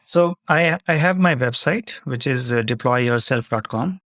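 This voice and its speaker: A man's voice: medium pitch, animated, moderate pace, a bit bright, no echo, studio quality. A man speaking as a leadership coach, answering audience questions in a webinar and explaining his points through example dialogues.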